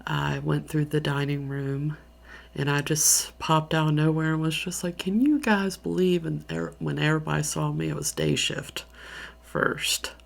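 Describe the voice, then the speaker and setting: A woman's voice: sits low, steady tone, moderate pace, vocal fry. A tired woman with a Southern US accent, telling a story in a rambling, half-whispered ASMR style. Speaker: ASMR creator. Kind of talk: soft-spoken ASMR ramble.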